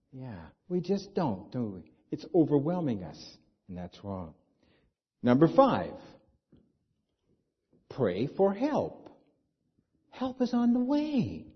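A husky, medium-pitched male voice belongs to a pastor preaching a sermon conversationally, asking the congregation rhetorical questions. The recording has a dull, lo-fi sound.

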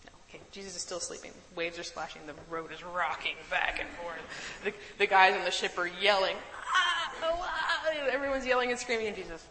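A woman's voice: fairly low pitch, fast, long reverb tail, background noise. A woman leading a conversational Bible study, chatty, laughing easily and often checking in with her listeners. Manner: chatty, laughs easily, keeps asking "right?".

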